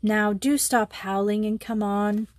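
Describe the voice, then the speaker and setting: A woman's voice: medium pitch, fairly even intonation, measured pace, dry recording, close to an everyday voice. A woman doing a blunt, bossy schoolgirl. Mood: firm. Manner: firm, scolding, no-nonsense. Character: brisk, blunt twelve-year-old English schoolgirl.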